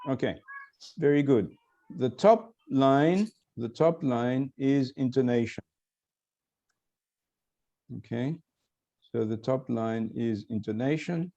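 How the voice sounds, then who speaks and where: An older man lecturing online as a professor, explaining slowly and quizzing his students. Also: medium pitch, warm tone, highs cut off. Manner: explanatory, questioning students, self-correcting.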